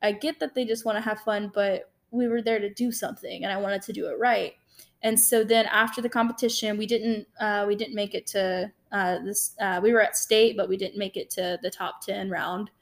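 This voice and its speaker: A young woman co-hosting a podcast, telling a personal story in a casual, animated way. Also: medium pitch, normal speed. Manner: animated, lively retelling with acted-out quotes. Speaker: podcast co-host.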